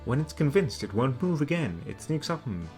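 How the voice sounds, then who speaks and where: A man's voice: medium pitch, normal speed. Brief: young male streamer, playful dramatic narrator, swooping intonation, background music. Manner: animated, laughs through slips. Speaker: streamer reading a game's story aloud.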